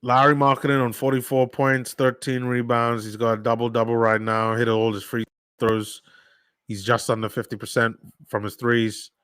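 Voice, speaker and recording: Excitable male fan calling a game live. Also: medium pitch, normal speed, clean tone, dry recording. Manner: excitable fan, swings from sighing disbelief to shouting. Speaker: watch-along commentator. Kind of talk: live play-by-play commentary.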